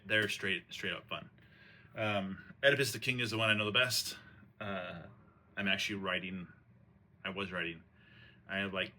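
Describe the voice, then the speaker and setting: A man's voice: lowish voice, sharp tone, slight background noise. A man retelling an old tragedy in a casual, rambling way, full of slang, fillers and restarts. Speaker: host retelling a play. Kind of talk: casual storytelling chat.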